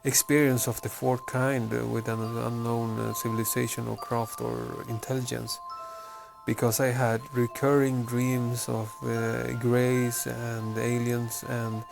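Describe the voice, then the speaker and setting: A man from Chile tells a personal story in a gravelly, mid-pitched voice. He speaks haltingly and keeps stopping on fillers and restarts. Faint music plays under his voice. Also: level tone. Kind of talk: personal story told to camera.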